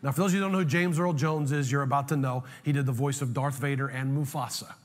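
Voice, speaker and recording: A man preaching a sermon as pastor, animated and emphatic, telling humorous stories to make a point. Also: mid-range voice, fast. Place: church sanctuary. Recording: long hall reverb, faint music.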